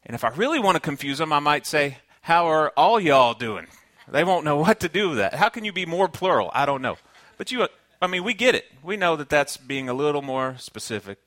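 A Southern man preaches in an earnest, conversational manner, with a bright, forceful tone. His voice sounds close and dry, with no room echo. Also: a little high, big pitch swings, fast talker, hardly any pauses. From Kentucky, United States. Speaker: pastor. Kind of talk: sermon.

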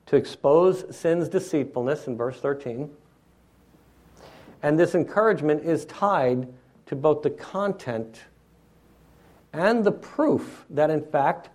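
A man's voice: on the high side, darkish tone. Man preaching a teacherly sermon. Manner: teacherly, checks in with the listeners. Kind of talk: expository sermon.

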